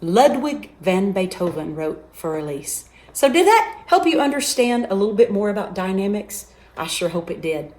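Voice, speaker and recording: A woman teaching a children's music lesson, slowly sounding out terms and singing examples at different volumes. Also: medium pitch, very animated, darkish tone. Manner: slow, clearly enunciated teaching voice. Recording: echoey room.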